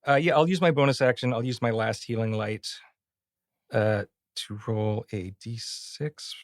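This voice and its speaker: A man's voice: mid-range voice, steady tone, a little slow, no room sound, clean studio sound. A man player in a tabletop game, easygoing and joking as he takes his turn. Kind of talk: casual tabletop play.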